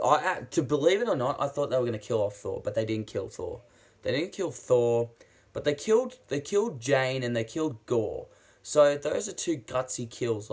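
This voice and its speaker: A man talks through a film review in a loose, excitable way. He swears freely, trips over his own sentences and starts them again. His voice sits at an ordinary middle pitch for a man. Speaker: movie reviewer. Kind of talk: casual spoken movie review.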